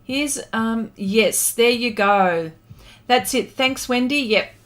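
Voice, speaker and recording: A woman's voice: a little high, takes it slowly. An Australian woman, a pastel artist, chatting casually with her viewers during a live stream as she paints, thanking them and reading their comments aloud.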